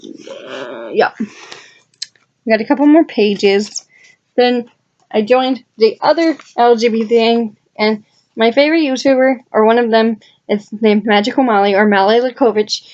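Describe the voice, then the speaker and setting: Chatty woman with a high voice. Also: animated, unhurried, darkish tone, highs cut off. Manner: chatty and enthusiastic, with frequent fillers and asides to viewers. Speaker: vlogger showing her journal. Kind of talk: casual rambling chat.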